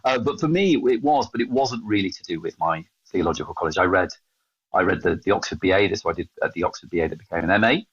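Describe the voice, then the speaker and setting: An English man in his fifties, a podcast guest telling stories of his calling in a casual interview, animated and self-mocking. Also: deep voice, fast talker, husky, no echo. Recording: dull, slightly lo-fi sound.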